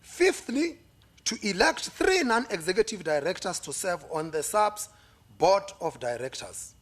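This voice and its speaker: Man, high voice, South African accent, formal meeting chair, steady reading with brief pauses. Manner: reads agenda items steadily, with "uh" pauses.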